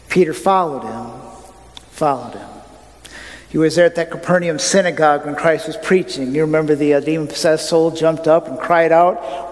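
A man's voice: a little high, normal speed. Preacher man in an echoing hall. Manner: storytelling, with rhetorical questions to the congregation. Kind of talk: sermon. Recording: long reverb of a large hall.

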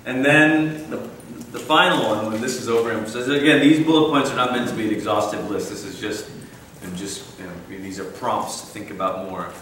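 A man's voice: fairly low pitch, a little fast, few pauses, fairly bright tone, a little hiss or hum. Conversational man in a roomy hall. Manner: conversational, self-interrupting, wry asides. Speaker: conference speaker. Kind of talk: church conference talk. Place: large room. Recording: echoey room, mic at a distance.

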